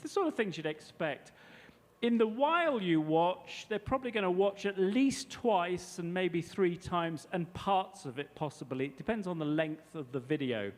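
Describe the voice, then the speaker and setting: Chatty high-voiced man presenting a workshop. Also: expressive, moderate pace. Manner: chatty, explanatory. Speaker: teacher trainer. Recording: long hall reverb.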